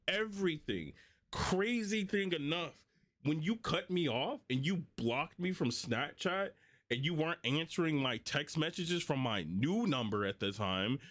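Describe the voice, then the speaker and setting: A man's voice: on the high side, fairly bright tone, dry recording. Heated young man ranting with profanity. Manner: heated, profane, rambling, addresses a former friend directly. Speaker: vlogger. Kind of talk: casual monologue rant.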